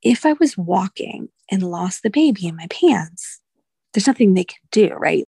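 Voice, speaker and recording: Husky, gravelly woman telling a painful story. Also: medium pitch, big pitch swings, dark tone, no room sound. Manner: emotional, halting, restarts. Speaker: podcast guest, doula. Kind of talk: candid personal storytelling.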